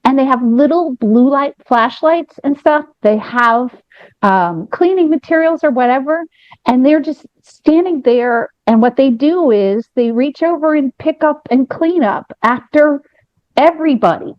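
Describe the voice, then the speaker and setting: Lively woman telling a rambling story. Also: high-pitched, measured pace, no room sound, dull audio. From United States. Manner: animated, rambling, frequent restarts. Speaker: podcast co-host. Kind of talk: candid storytelling chat.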